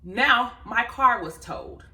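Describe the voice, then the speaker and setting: A woman's voice: fairly high pitch, animated, slow pace, sharp tone, roomy sound. A woman vlogging, casually telling a story to camera with laughs and quoted asides. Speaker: life coach and vlogger.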